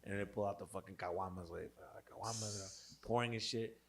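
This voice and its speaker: Young male podcast host, gravelly, profane, animated storyteller. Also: lowish voice, a little fast. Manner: profane, animated, laughs a lot. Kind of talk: casual storytelling.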